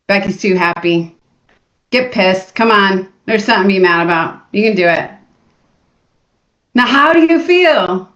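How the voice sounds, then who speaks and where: A woman coach giving a live motivational workshop to an audience in a room, energetic and coaxing people to join in. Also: mid-range voice, a little slow, long pauses. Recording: echoey room, dull lo-fi sound.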